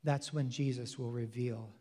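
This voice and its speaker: A male pastor preaching a sermon with emphasis, swinging between loud declarations and hushed, intimate passages. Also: mid-range voice, steady tone, normal speed. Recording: long hall reverb.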